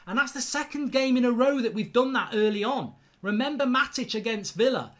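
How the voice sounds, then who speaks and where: A man's voice: extremely high pitch, animated, fairly quick, fairly bright tone. A man hosting live football reaction commentary, ranting and swearing in exasperation at his team's play. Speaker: football fan channel host.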